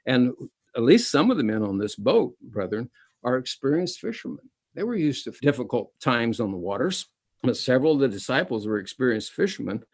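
A man's voice: mid-range voice, sing-song, brisk, husky, dry recording. A middle-aged man preaching a sermon, reading scripture aloud and repeating key phrases with emphasis, calling his listeners brethren.

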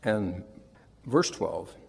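A man's voice: sits low, animated, extremely slow, creaky, a little mellow, slightly rough. A man preaching a sermon, retelling scripture with emphatic, rising and falling delivery. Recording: long reverb of a large hall.

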